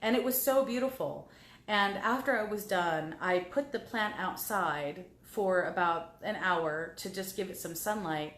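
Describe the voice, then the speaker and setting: A woman's voice: on the low side, unhurried, a bit bright, roomy sound. A woman guest on a talk show, telling personal stories in a heartfelt way and repeating words as she remembers. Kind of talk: personal storytelling.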